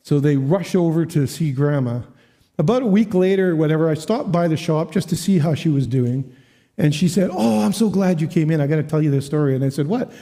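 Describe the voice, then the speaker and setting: A man preaching as a guest speaker at a church, telling a story with lively quoted voices and frequent laughs. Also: fairly high pitch, fairly quick. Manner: animated, acts out quoted voices, laughs often. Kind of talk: storytelling sermon.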